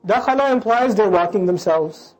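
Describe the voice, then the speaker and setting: A man giving a lecture on scripture, animated and joking in a conversational way. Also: sits high, normal speed, soft background music. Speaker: preacher explaining scripture.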